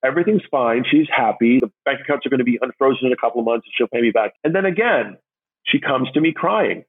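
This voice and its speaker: A man's voice: lively intonation, quick pace, slightly rough, narrow, tinny audio. A man animatedly telling his own story, acting out the voices of the people in it. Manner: acts out others' voices with big pitch jumps.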